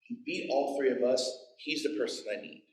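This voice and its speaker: A man's voice: mid-range voice, fairly even intonation, fairly quick, a little mellow, roomy sound, poor audio. A man in his forties preaching a sermon, telling the story with playful asides and acted-out quotes. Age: 40s. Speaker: pastor. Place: church.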